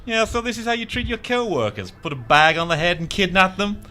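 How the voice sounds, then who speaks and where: A man playing a smarmy showman in a radio comedy, pushing a fake American drawl. His voice is bright and cutting, and it swings wildly up and down as he boasts. He sounds brash and pleased with himself. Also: high-pitched, expressive, a little fast. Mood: smug. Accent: fake American, really Birmingham. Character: smarmy male showman faking an American accent.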